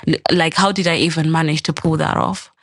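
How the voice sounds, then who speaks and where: A woman's voice: low-pitched, a little fast, dry recording. A young adult woman, a podcast guest, telling a personal story in casual chat and acting out the quoted lines. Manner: animated, acts out quoted dialogue.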